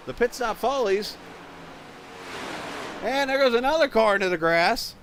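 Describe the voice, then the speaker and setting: A man commentating a virtual stock car race live, chatting with viewers and getting excited when cars run into trouble on pit road. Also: very high voice, unhurried, pauses often, slight background noise. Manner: chatty, reads viewer chat, gets excited at incidents.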